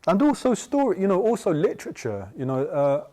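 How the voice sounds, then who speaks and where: A man's voice: high-pitched, big pitch swings, fairly quick, warm tone. A man giving an informal Buddhist talk, rambling and chatty, often checking in with "yeah?". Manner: chatty, tags points with "yeah?"; loose and rambling, with many restarts. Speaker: Buddhist teacher.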